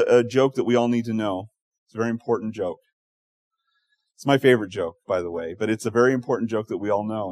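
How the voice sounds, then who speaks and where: A man preaching to his congregation, middle-pitched and conversational. He tells stories, acts out the quotes and restarts his phrases often. The sound is dry and close, with almost no room echo. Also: a little mellow. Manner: storytelling with voiced quotes, frequent restarts. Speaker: pastor. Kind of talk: sermon.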